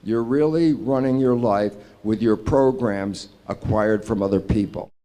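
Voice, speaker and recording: A man's voice: fairly low pitch, a little slow. A man speaking as an interview guest. He explains his ideas with energy and acts out his own quoted conversations, stressing points through repetition. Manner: animated storyteller who acts out his own quoted dialogue; emphatic and repetitive, with occasional laughs and mild swearing.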